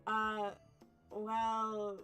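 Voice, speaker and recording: A young woman streamer reading an otome game aloud and chatting with viewers, animated, laughing often and playfully mock-angry. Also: medium pitch, very slow, soft background music. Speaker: VTuber streamer.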